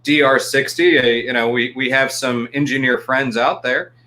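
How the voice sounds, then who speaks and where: Man, host, chatty interviewer, bright tense tone, video call. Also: medium pitch, steady tone, moderate pace. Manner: chatty, sets up questions with asides. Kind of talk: casual interview chat.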